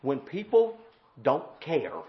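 A man preaching a sermon in a folksy, drawling way, swinging from loud shouting to low murmured prayer. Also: wildly swooping pitch, takes it slowly, dull audio.

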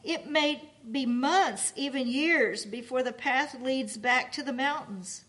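A timid young woman pilgrim pleads in a high, slow voice, as a woman reads her lines aloud. Her words come out unhurried, distressed and on the edge of tears. The telling is storybook-like and plain. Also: fairly bright tone. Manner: pleading, tearful.

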